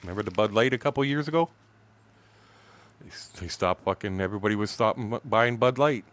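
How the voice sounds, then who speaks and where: A man's voice: fairly low pitch, fairly quick, a bit bright. A man in his sixties streaming a game, telling a rambling story full of profanity. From Windsor, Canada. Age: 60s. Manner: profane, blunt, chuckling storyteller. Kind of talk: rambling anecdote told while gaming.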